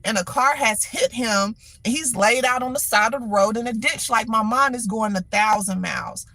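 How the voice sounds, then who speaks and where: A middle-aged woman hosting a livestream, telling a story in an animated, exasperated way with lots of repetition. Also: fairly high pitch, normal speed, dry recording. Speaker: livestream host. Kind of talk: casual venting monologue.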